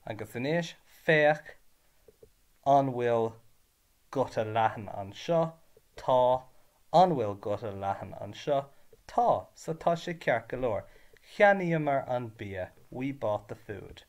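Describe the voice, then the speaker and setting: Slow, patient Irish male teacher. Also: medium pitch, expressive. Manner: slow, patient, spells out words by syllable. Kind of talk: revision lesson narration.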